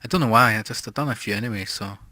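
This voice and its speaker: Quiet mumbling man streaming. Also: fairly low pitch, very fast, no echo. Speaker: music streamer. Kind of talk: casual chat reading viewer comments.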